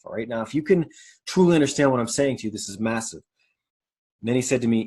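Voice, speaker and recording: A man's voice: medium pitch, animated, quick pace, a little mellow, husky. A middle-aged man hosting a motivational podcast, talking in a candid, rambling way with swearing and self-corrections. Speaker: podcast host. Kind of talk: motivational monologue.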